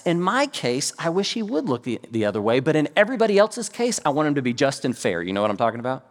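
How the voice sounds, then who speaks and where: Animated preacher in a reverberant hall. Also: male voice, fairly high pitch. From United States. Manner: storytelling preacher, animated with acted-out quotes. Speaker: pastor. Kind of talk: sermon.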